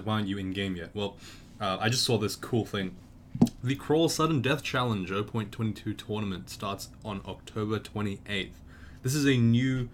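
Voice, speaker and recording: Casual low-voiced gaming commentator. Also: male voice, a little hiss or hum. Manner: rambling, reads rules aloud with asides and restarts. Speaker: gaming video creator. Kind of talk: casual let's-play commentary.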